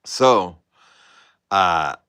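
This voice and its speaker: A man's voice: deep voice, animated, extremely slow, pushed and bright, clean tone, no echo. A man hosting a livestream as an artist, telling a story in a rambling, casual way and laughing often.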